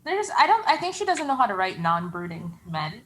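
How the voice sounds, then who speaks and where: A woman guest on a podcast, chatting casually with quick jokes. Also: mid-range voice, very animated, a bit bright, roomy sound, a little hiss or hum. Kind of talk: casual chat.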